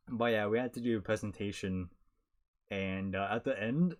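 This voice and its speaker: A man's voice: fairly low pitch, a little mellow. A young man co-hosting a podcast, telling work stories in a rambling casual way with lots of fillers and laughter. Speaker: podcast co-host. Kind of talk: casual chat.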